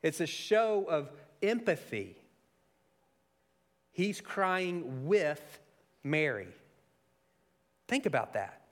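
Pastor, male, slightly high voice; expressive sermon delivery that drops quiet then builds emphatic. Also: very slow, pauses often. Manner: expressive, swings from soft and intimate to raised and emphatic.

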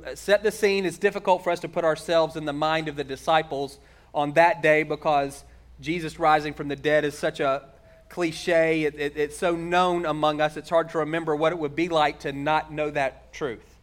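Earnest middle-aged pastor preaching. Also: male voice, fairly high pitch, steady tone. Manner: earnest, conversational preaching with emphatic slowdowns. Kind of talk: sermon.

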